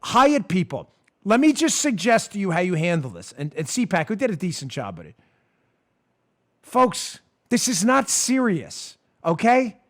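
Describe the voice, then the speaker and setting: A man's voice: high-pitched, huge pitch swings, a little slow. A man hosting a political talk show, sarcastic and exasperated, ranting and mocking as he goes. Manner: ranting, getting louder. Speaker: podcast host. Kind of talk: political commentary.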